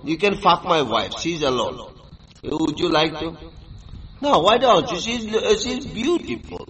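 A man's voice: high voice, creaky, sharp tone, poor audio. A tipsy man delivers a rambling monologue. He is crude and boastful, and he stammers through many fillers. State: tipsy from drinking.

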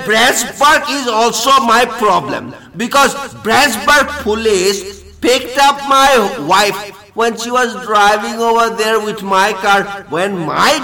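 Man, caller, drawn-out slow delivery, profane, threatening, repetitive. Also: sits high, sharp tone, poor audio. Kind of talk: recorded phone rant.

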